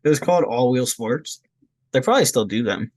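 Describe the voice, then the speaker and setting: A man's voice: medium pitch, expressive, brisk, darkish tone. A young man, a podcast guest, telling stories in a loose, laid-back way, swearing freely and filling his talk with "like". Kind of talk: casual storytelling.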